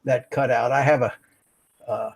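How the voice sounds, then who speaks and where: A man's voice: mid-range voice, steady tone, moderate pace. A man from Philadelphia hosting a live chat stream, easygoing and welcoming, chuckling often. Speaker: host.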